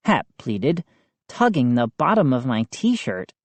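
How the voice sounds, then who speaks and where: Woman narrating a kids' audiobook, lively intonation, very slow and measured. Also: a bass voice, no echo. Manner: expressive, unhurried storytelling. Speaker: audiobook reader.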